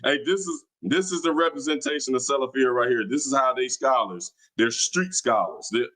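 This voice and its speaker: A man's voice: medium pitch, normal speed, a bit bright, poor audio. Taunting man on a livestream. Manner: combative, taunting, slangy. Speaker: livestream host. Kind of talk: casual livestream talk. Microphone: streaming mic.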